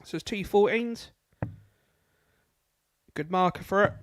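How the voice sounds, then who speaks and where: A man's voice: sits high, slow, no echo. Chatty man analysing darts. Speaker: darts co-commentator. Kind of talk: live sports commentary.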